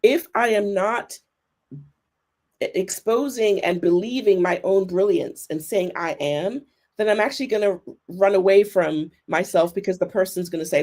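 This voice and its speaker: A woman's voice: mid-range voice, darkish tone. A woman guest in a reflective podcast conversation over a remote call, speaking earnestly and thoughtfully, her pace shifting as she thinks. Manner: thoughtful, earnest, speeds up and slows down. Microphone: remote video call.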